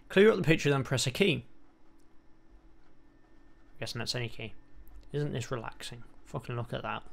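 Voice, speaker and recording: Sarcastic sweary gamer. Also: male voice, medium pitch, gravelly. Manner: sarcastic, sweary, deadpan asides. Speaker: gaming channel host. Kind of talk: let's play commentary.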